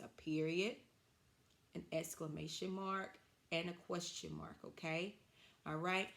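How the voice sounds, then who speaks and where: A woman teacher giving an online reading lesson to young children, encouraging and slow, drawing out her words clearly. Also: fairly low pitch.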